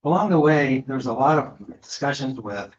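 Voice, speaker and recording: A man's voice: mid-range voice, lively intonation, moderate pace, a little hiss or hum. A man giving a lecture to an audience, talking with many fillers and restarts. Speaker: guest speaker. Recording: echoey room, slightly dull sound.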